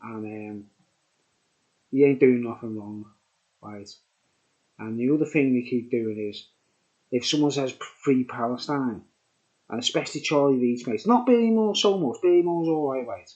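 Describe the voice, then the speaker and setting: A man's voice: mid-range voice, normal speed, long pauses, mellow, muffled recording. Tipsy man rambling to camera. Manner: rambling, repetitive, keeps adding "mate" and "right?". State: tipsy from drinking. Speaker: vlogger reviewing beer. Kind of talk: rambling casual monologue to camera.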